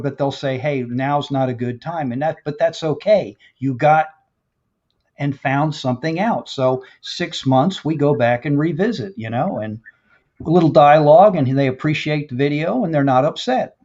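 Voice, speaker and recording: A man's voice: on the high side, moderate pace, a little mellow. A male host in a casual online interview, chatty and reading out viewer comments. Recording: dull lo-fi audio.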